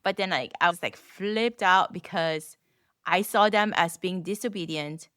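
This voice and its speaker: A woman in her thirties co-hosting a parenting podcast in relaxed, casual chat, laughing easily. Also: fairly low pitch, a little slow, no room sound, clean studio sound. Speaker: podcast co-host.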